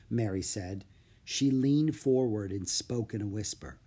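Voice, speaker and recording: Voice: mid-range voice, unhurried, husky. An audiobook reader narrating a children's chapter book expressively, acting out each character. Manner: expressive, acts out every character.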